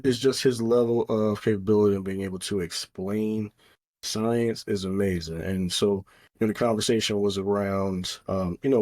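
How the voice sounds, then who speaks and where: A man with a fairly low voice co-hosts a podcast in loose, casual chat. He rambles, leaning on fillers and restarts as he works through his thoughts. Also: a little mellow. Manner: rambling, heavy on fillers like "you know" and "um". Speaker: podcast co-host.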